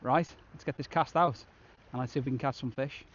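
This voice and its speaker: A man's voice: mid-range voice, fairly even intonation, brisk, lo-fi sound, slight background noise. A man vlogging a shore fishing trip outdoors on a beach, chatting casually and upbeat to the camera. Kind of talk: casual outdoor vlog narration.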